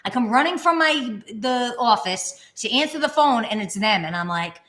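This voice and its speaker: In an echoey room, this vlog co-host tells casual stories at a normal speed in a slightly high voice. She gets animated, raising her voice to act out what the people in her stories said.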